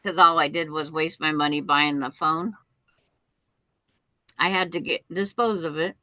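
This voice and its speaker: A woman's voice: low voice, steady tone, unhurried, sharp tone, no room sound, rough recording. A woman chatting on a video call who argues her point insistently with many restarts. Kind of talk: casual chat.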